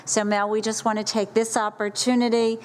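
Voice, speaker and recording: A woman's voice: a little high, flat delivery, fairly quick, in a large hall, slight background noise. A woman, a school district administrator, giving a praising tribute to a colleague at a board meeting, lightly joking.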